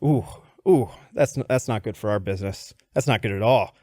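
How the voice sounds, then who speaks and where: A gruff, eccentric boss who speaks low and clipped, put on by a man retelling an anecdote. The voice sits close and dry, with no room around it. It comes across as mysterious and a bit self-important. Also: a little fast, darkish tone, no room sound, natural voice. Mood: disapproving.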